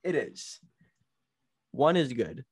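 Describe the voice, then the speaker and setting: A man's voice: medium pitch, very animated, slow, breathy edge, no room sound. A man co-hosting a podcast, chatting casually in an easygoing, agreeable way. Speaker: podcast co-host. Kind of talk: casual chat.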